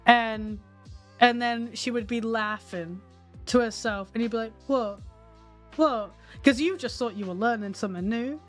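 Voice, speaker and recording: A woman's voice: a little high, moderate pace. A young woman chatting casually, blunt and sweary, often laughing. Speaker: co-host. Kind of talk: casual chat. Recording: faint music behind.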